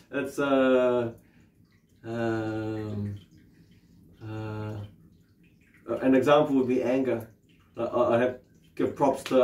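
A man's voice: mid-range voice, dark tone. Male NZ meditation teacher, rambling and profane, chuckles a lot, echoey room and distant mic. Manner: swearing, laughing often, rambling with many fillers. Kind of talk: casual spiritual talk. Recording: roomy sound from off the mic.

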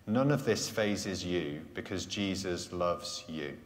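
A man preaching a live sermon at a Sunday church gathering, earnest, letting key phrases fall soft and low. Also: animated. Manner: earnest, slows and drops softly on key phrases. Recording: echoey church hall sound.

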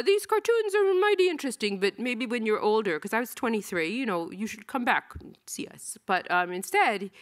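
A woman's voice: lowish voice, pushed and bright. A woman in her sixties giving a rambling, self-deprecating talk about her work, with many ums and restarts, on a theatre stage. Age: 60s. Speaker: cartoonist giving an artist talk. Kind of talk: casual storytelling talk.

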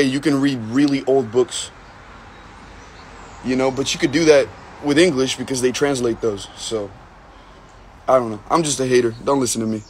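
A man's voice: medium pitch, slight background noise. A young man from the United States chatting casually on a livestream, rambling, joking and swearing while he reads comments. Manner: rambling, profane, filler-heavy, joking. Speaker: livestream host.

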